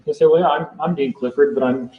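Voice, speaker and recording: A man's voice: fairly high pitch, fairly even intonation, fast talker, narrow, tinny audio. Rambling man lecturing a small group. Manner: rambling, repeats himself, acts out court exchanges. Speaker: seminar speaker.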